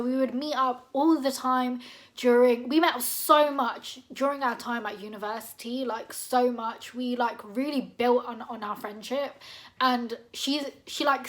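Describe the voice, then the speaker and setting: A woman, telling a personal story in a chatty, animated way and dropping low for asides. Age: 20s. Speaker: vlogger. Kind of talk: casual storytime chat.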